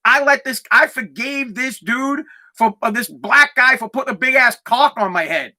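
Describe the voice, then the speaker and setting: A man's voice: very high voice, normal speed, pushed and bright. A man in his thirties, a podcast host, telling a personal story in a candid, rambling way with a lot of swearing, close to tears.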